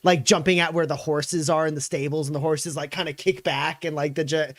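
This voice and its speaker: A man's voice: a little high, fairly even intonation, brisk, a bit bright, no echo, clean studio sound. A man narrating as game master of a tabletop game, rambling with many fillers.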